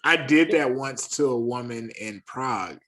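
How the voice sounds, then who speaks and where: A man with a Southern US accent, chatting as a podcast guest and telling lively self-deprecating stories. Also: medium pitch, moderate pace. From American South. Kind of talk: casual chat, storytelling.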